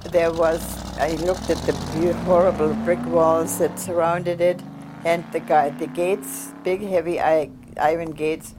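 An older woman from Germany, earnestly recounting her past, pausing and restarting as she remembers. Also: low-pitched, darkish tone, a little hiss or hum. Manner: earnest, heartfelt recollection with halting restarts. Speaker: survivor giving testimony. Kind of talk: personal storytelling.

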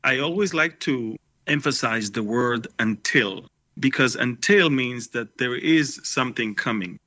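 A man's voice: medium pitch, pushed and bright, no echo. A man giving an impassioned, indignant commentary as a guest on a religious talk program. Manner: emphatic, indignant. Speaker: ministry guest.

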